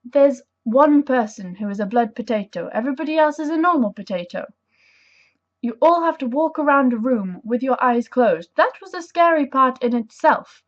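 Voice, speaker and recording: A young woman chatting to camera in a casual vlog, bubbly and enthusiastic, rambling with self-deprecating asides. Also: high voice. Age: young adult. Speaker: vlogger. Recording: dull lo-fi camera audio.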